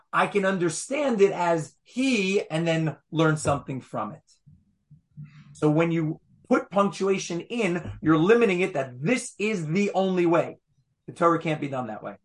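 A man teaching a Torah class, explaining patiently and repeating phrases as he makes each point. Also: on the high side.

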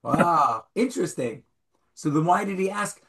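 Brief: male Bible teacher, lively rising and falling delivery, quizzes his class. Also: high voice, unhurried. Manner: animated, questions the students, reads Hebrew aloud. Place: classroom with a small group.

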